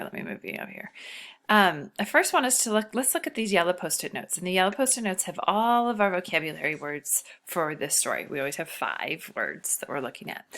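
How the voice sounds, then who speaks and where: A woman teaching a recorded reading lesson, patiently sounding out syllables for children and muttering quietly while she works. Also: lowish voice. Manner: patient, talking to students, sounding out syllables slowly; often drops to a quiet murmur while working the screen.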